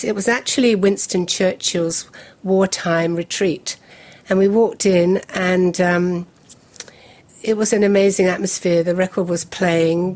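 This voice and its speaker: Brief: older English-born woman, fairly low voice, lively storyteller. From England. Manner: lively anecdotal storytelling with laughs. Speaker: guest. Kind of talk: storytelling interview.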